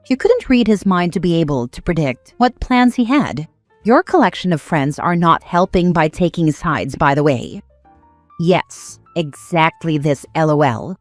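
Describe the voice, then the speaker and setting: A woman with a somewhat low voice reads online posts aloud in an even, conversational storytime manner. Her voice is close and dry, with faint music running quietly underneath. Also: dry recording. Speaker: narrator reading online posts. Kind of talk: storytime narration. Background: faint background music.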